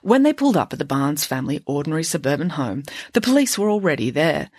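A woman's voice: low voice, fast, dry recording, clean studio sound. Woman reading a storybook aloud. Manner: relaxed, conversational asides. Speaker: audiobook reader. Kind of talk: storybook narration with asides.

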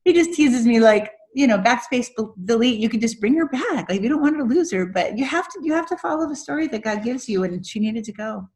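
A woman's voice: on the high side, lively intonation, fairly quick, hardly any pauses, darkish tone. A middle-aged woman author telling stories earnestly in a faith-based interview. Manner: earnest storyteller, laughs through her story. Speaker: author guest.

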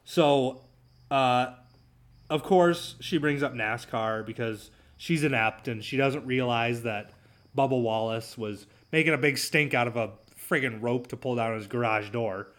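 A man's voice: medium pitch, measured pace, fairly bright tone. A man hosting his own talk show, ranting sarcastically and mocking his opponents. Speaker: podcast host. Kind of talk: solo talk show commentary.

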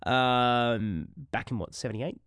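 An Australian man in his thirties, co-hosting a casual podcast chat and telling rambling, animated stories. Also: medium pitch, slow, clean tone, dry recording, studio quality. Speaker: podcast co-host.

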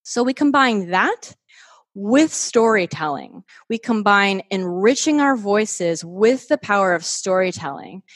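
A woman's voice: mid-range voice, animated, unhurried, no echo, clean studio sound. A woman guest on a podcast, talking in a chatty, enthusiastic way with many filler words. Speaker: podcast guest and host of her own show. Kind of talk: casual podcast conversation.

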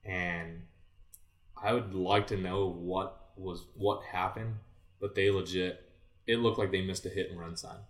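A man's voice: low voice, a little slow. A man in his twenties telling a sports story in casual chat, acting out what he said back then and filling his talk with "like". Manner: animated, acts out his own past remarks, many "like" fillers. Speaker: podcast guest, former college baseball player. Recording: echoey room, voice distant from mic.

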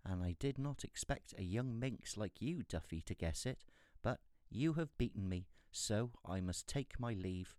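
A man's voice: fairly low pitch, expressive, unhurried, a little mellow, dry recording, clean studio sound. A man voicing a sly, gleeful little male devil in a storybook reading, with a mocking, sing-song manner. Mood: defeated.

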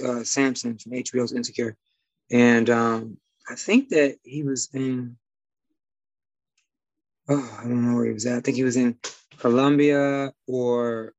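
A man's voice: medium pitch, no room sound, dull audio. A man from Detroit with a slight Midwest twang, a guest talking casually and rambling with many fillers and restarts. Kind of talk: casual conversation.

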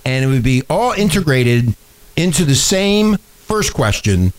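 A man's voice: medium pitch, big pitch swings, unhurried, poor audio. Rambling sarcastic male talk-show host. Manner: rambling, sarcastic, with frequent restarts and fillers. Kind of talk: casual political talk show banter.

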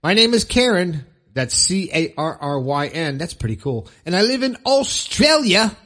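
A man's voice: a little high, sing-song, normal speed, pushed and bright. A man hosting his podcast, chatting casually and upbeat, rambling a little and chuckling at his own jokes. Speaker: podcast host. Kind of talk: casual podcast chat with ad reads.

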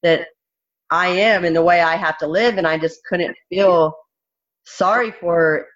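A woman's voice: on the low side, measured pace, highs cut off. A woman fighter speaking bluntly and frankly in a candid interview, swearing freely.

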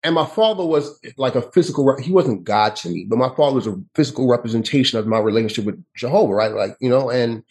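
A man, telling a personal story as an interview guest, with halting speech that often restarts and repeats. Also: medium pitch, expressive, a little mellow, breathy edge, poor audio. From New York City. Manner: halting, with frequent restarts and repetitions.

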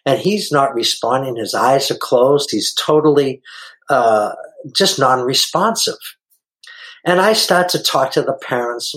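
An older man, a musician guest, telling a story with earnest, effusive warmth and acting out the voices of others. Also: mid-range voice, unhurried, low-quality recording. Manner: earnest, effusive, acts out dialogue in a raised voice. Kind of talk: emotional storytelling in conversation.

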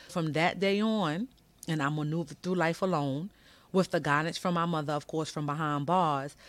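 A woman's voice: sits low, no room sound. Brief: woman from Brooklyn, podcast host, candid storyteller, dry close sound. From Brooklyn, New York. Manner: candid, emphatic, conversational. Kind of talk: personal storytelling monologue.

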